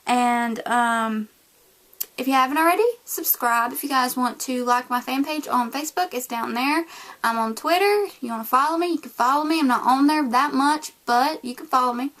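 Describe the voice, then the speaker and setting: A woman's voice: high-pitched, moderate pace. A young woman from the United States with a Southern accent, casually telling a story to the camera and acting out the people in it. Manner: animated, acts out voices in her retelling. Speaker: vlogger.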